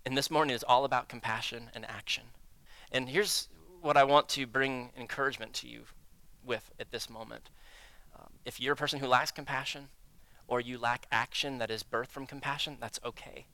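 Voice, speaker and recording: A lead pastor giving a candid, self-deprecating sermon to his church, telling stories with an animated delivery. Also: medium pitch, normal speed, creaky, dry recording. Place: church sanctuary.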